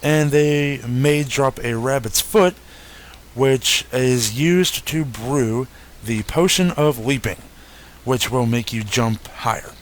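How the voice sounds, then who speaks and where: A young man narrates a video game walkthrough in a relaxed, easygoing way, pausing often with fillers and correcting himself as he goes. His voice sits at an ordinary pitch, with a faint hum behind it. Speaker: gaming YouTuber. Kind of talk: casual game update walkthrough.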